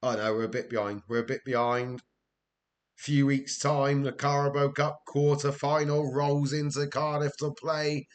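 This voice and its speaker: A man's voice: medium pitch, flat delivery, moderate pace. A young Welsh man chatting casually on a live stream while playing a football management game, telling stories and laughing often. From Wales. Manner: chatty storyteller, laughs often, answers chat. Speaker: gaming streamer. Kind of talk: casual live-stream chat over gameplay.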